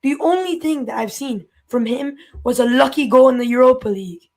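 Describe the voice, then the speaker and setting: A man's voice: very high voice, brisk, a little mellow. A man calling in to a fan show, ranting in an exasperated way, his voice jumping up when he gets worked up. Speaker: caller.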